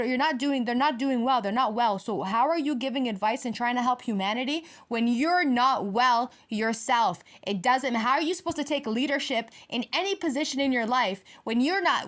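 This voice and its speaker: A woman reads tarot for her viewers and addresses them directly, ranting in a heated, profane and repetitive way. Her voice is a little high, her pace moderate, with few pauses.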